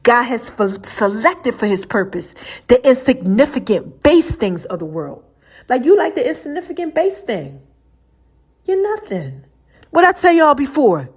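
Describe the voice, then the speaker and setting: Woman host, casual preaching monologue, slightly high voice, talks straight to listeners. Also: big pitch swings, measured pace, slightly rough. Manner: informal, chatty, talks to listeners directly with y'all. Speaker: podcast host.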